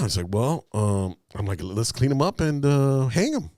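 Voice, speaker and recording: This male podcast co-host speaks in a lowish voice, a little fast and with hardly any pauses. He spins an animated, profanity-laced story, voicing other people's quotes along the way, over clean studio audio with no echo.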